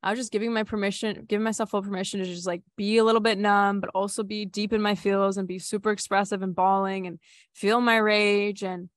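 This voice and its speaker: A woman's voice: medium pitch, flat delivery, a little fast, no room sound. Candid young woman, dry close sound. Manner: candid, filler-heavy with frequent "like", swears casually. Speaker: retreat facilitator. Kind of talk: casual personal storytelling.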